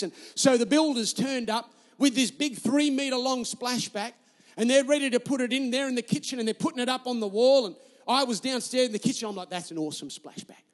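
High-voiced pastor preaching. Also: male voice, big-room sound. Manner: emphatic, repetitive preaching with storytelling. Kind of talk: sermon.

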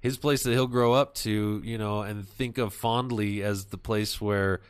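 A man hosting a podcast, chatting casually and telling animated, profane stories. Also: on the low side, measured pace, smooth. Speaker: podcast host. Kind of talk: casual chat.

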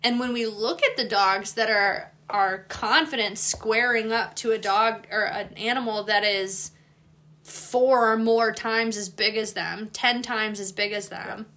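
Woman host, dog trainer, bright and animated, casual and profane. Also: medium pitch, unhurried. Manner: animated, swears freely, acts out dog voices. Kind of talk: casual chat.

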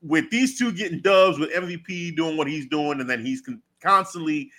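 A man co-hosting a live talk stream in loose, animated casual chat, laughing often. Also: a little high, moderate pace. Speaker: co-host of a wrestling talk stream.

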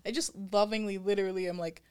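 A woman co-hosting a podcast, talking in a relaxed, reflective way. She laughs often and slips into playful high voices when she quotes her own thoughts. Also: quick pace, clear, resonant tone. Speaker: podcast co-host. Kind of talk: casual chat.

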